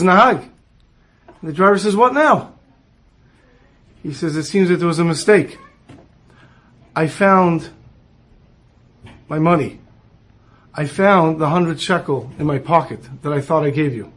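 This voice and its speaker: A rabbi telling a story to listeners, acting out the dialogue of the people in it. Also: male voice, high-pitched. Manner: animated storyteller who acts out dialogue. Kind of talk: storytelling talk.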